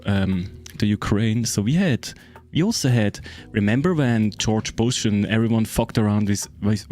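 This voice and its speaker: A man's voice: medium pitch, a little mellow. German man rambling through a casual map talk. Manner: rambling and loose, heavy fillers, swears freely, keeps checking in with "right?". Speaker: game streamer. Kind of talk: casual chat explaining a map to friends.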